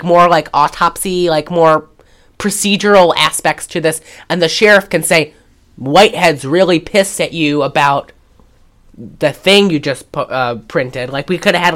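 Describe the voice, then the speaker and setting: A woman co-hosting a podcast, recapping a movie in casual chat and acting out the characters' lines as she goes. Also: on the low side. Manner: animated, acts out quoted lines while recapping. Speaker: podcast co-host.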